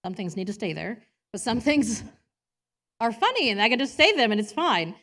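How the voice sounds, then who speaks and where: A woman's voice: on the high side, very animated, normal speed, fairly bright tone. A woman preaching a personal sermon in a church, chatty and self-deprecating, laughing often and acting out quotes in different voices.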